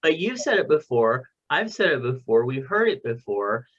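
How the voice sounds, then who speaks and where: A man's voice: mid-range voice, big pitch swings, normal speed, a bit bright. Blunt man on a dull-sounding podcast line. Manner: blunt, swears freely. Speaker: podcast co-host. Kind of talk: casual chat.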